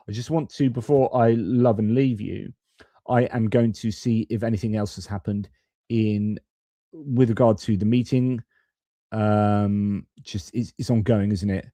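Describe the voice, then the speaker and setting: Dry, low-voiced opinionated live-stream man. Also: warm tone, no echo. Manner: rambling, self-correcting, opinionated. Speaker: host of a live-stream geopolitics channel. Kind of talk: live-stream commentary reading viewer comments.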